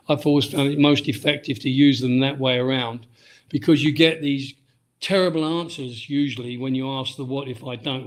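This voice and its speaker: A middle-aged man from Britain, a ski instructor and author, talking casually in an interview and often restarting his sentences. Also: mid-range voice. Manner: rambling, frequent restarts and "um"s.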